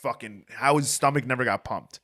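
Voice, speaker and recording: A man's voice: mid-range voice, fairly quick, pushed and bright. A young man hosting a podcast, telling rambling stories in casual chat and swearing a lot. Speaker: podcast host.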